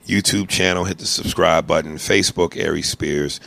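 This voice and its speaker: A man co-hosting a comedy podcast, talking loud, profane and bossy in casual banter. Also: low-pitched, steady tone, moderate pace, vocal fry. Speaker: podcast co-host.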